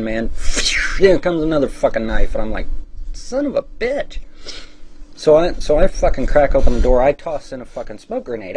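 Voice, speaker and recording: A man's voice: medium pitch, warm tone, slight background noise. A man telling a rambling, profane first-person story, stammering through restarts and acting out the dialogue. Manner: rambling, heavy cursing, stammering restarts, acts out quoted dialogue.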